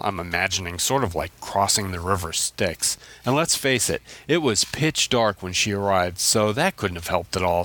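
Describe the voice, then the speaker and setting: Lively low-voiced male caller. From Louisiana. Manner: animated, wry. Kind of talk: prepared voicemail commentary.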